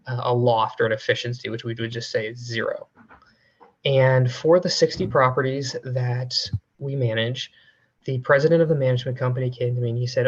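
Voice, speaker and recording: Flat-voiced man on a dull call line. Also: medium pitch. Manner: relaxed, many fillers. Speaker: financial analyst presenting a coding demo. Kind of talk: casual technical walkthrough.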